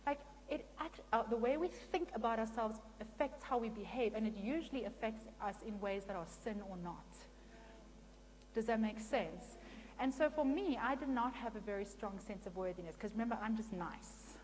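A woman giving a sermon-style talk, lively and conversational, often turning to the audience with questions. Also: on the high side, moderate pace. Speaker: Christian speaker and counselor. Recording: long hall reverb with faint hum.

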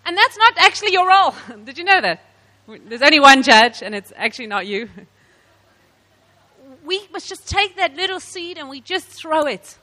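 A woman from South Africa giving a sermon to women, telling stories with animated laughs. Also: high voice, moderate pace, in a large hall. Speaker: women's ministry speaker.

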